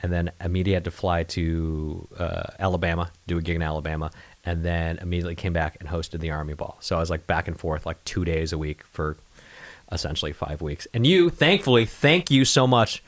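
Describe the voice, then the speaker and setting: Low-voiced, animated podcast host. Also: male voice, a little fast. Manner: animated storyteller, swears casually. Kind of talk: casual chat.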